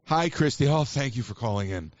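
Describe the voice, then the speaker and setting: A man's voice: medium pitch, expressive, fairly quick, darkish tone, no room sound. Rambling male call-in host, dry and dull. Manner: rambling, self-mocking, chatty. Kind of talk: live call-in chat. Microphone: livestream mic.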